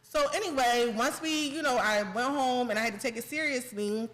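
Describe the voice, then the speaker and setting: A woman guest on a talk show, telling stories in a lively, casual way and laughing often. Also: fairly high pitch, normal speed. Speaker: guest, content creator and chef. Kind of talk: casual interview chat. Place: podcast studio.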